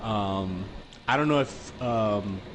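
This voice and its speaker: A man's voice: fairly low pitch, slow, a little hiss or hum. A young man from the US-Mexico border region, telling stories casually with lots of fillers and swearing. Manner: relaxed, swears freely, many fillers. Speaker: podcast guest. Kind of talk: casual storytelling chat.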